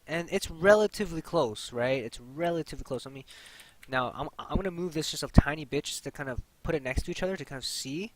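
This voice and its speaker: A young man hosts a casual, screen-recorded 3D modeling tutorial, chatting with lots of fillers and repeating key points. His voice is on the high side at a moderate pace, and the recording is rough.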